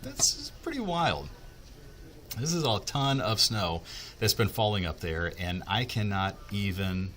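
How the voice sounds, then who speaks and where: A man's voice: low voice, sharp tone, a little hiss or hum. A man working as a TV meteorologist, explaining the weather in a casual, chatty way, with asides and fillers as he thinks aloud.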